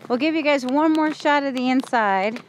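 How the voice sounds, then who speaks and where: A woman's voice: sits high, normal speed, a little hiss or hum, poor audio. Woman chatting on a cold outdoor walk. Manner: chatty, narrating to camera. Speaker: paranormal investigator filming a site visit. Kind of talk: casual chat while exploring. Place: outdoors at an old camp in cold weather.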